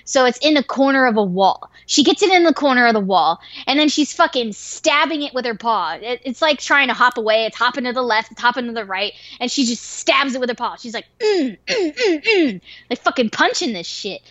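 Higher-pitched woman telling a story, swears a lot, gets all worked up, dry dull-sounding recording. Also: fairly quick, few pauses, no echo. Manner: swears freely, animated and excitable. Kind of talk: casual story told to a listener.

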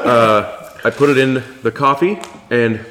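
A man in a party game, pitching himself with self-mocking jokes in an improvised interview. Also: a bit bright. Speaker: player pitching a job interview. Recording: reverberant room with light noise.

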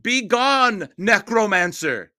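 A man voicing an eccentric, wild-haired male alchemist who shouts theatrical commands. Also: medium pitch, sing-song, slow pace, full character voice. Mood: commanding.

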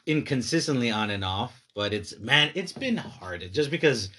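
A man's voice: medium pitch, animated, normal speed, sharp tone, husky. A young man hosting a podcast in casual, rambling banter with friends, laughing often. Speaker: podcast host. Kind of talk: casual chat.

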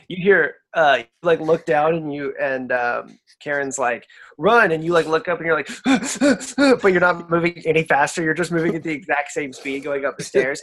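A man's voice: a little high, fairly bright tone. Young man running a tabletop game. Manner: loose, rambling, full of fillers. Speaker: game master.

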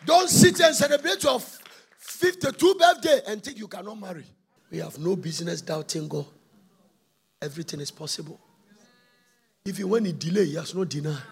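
An impassioned male preacher delivers a sermon, swinging between shouts and sung phrases. His voice sits high for a man and is heavily gravelly and husky.

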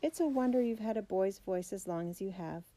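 A woman reading the lines of a gentle male cantor who soothes a boy. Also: medium pitch, a little fast, close to an everyday voice. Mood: comforting.

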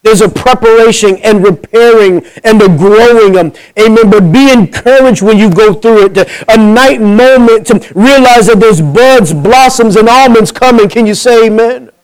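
A man from New Jersey preaching a sermon as pastor, swinging between loud punchy bursts and hushed, intimate pleading, calling out for amens and acting out conversations. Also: high-pitched, moderate pace, hardly any pauses, smooth, poor audio. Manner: calls for amens, acts out dialogue.

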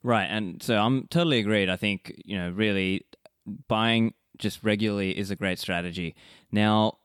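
A man with a low voice hosts a podcast and puts questions to his guest in an easygoing, conversational way. He is recorded dry and close, with no room sound. He laughs easily between points. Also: moderate pace, fairly bright tone, clean tone, dry recording. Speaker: podcast host. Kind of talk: casual interview.

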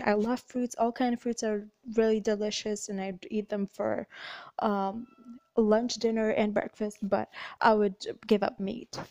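Young woman, vlogger, loud, talkative, casual chat, dry close sound. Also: a little high, no room sound. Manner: chatty, animated, loud and talkative. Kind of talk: casual chat answering would-you-rather questions.

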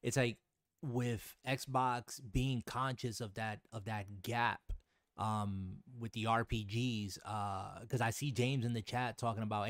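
A man's voice: lowish voice, steady tone, takes it slowly, a bit bright, no echo, clean studio sound. A man from the United States hosting a gaming podcast, talkative with frequent laughs and fillers. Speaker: podcast host. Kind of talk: casual chat.

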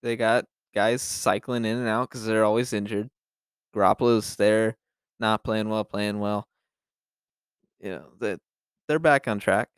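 A man's voice: fairly low pitch, normal speed, clean tone, dry recording, studio quality. Casual, profane male sports podcaster. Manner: loose and profane, with frequent restarts. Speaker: podcast co-host.

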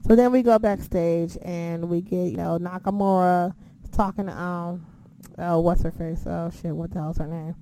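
A woman with a mellow, warm tone talks through a casual recap. She swears often and acts out her own reactions as she goes. A faint noise sits under her voice. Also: lowish voice, fairly even intonation, normal speed, poor audio. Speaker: wrestling recap host.

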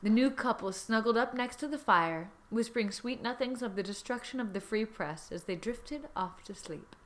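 A woman podcast host, doing a comedic reading with animated, jokey banter and casual swearing. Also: on the high side, normal speed, slight background noise.

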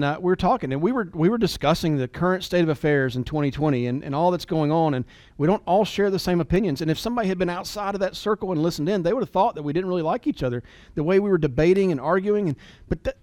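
A man in his forties giving an earnest, emotional motivational talk, at times dropping to a soft near-whisper. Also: high-pitched, no room sound. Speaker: business leader and motivational speaker.

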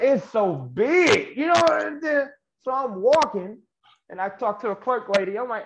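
A young adult guest wrestler with a very high voice, big pitch swings, and vocal fry tells a story at a moderate pace in a casual interview. He's laid-back and slangy and laughs often. The recording is muffled and lo-fi with faint noise.

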